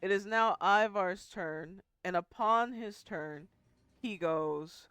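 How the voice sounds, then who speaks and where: Casual, smooth-voiced woman game master. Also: medium pitch, slow, fairly bright tone, no echo. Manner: casual, chatty, swears freely. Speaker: dungeon master. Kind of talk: narrating a tabletop game.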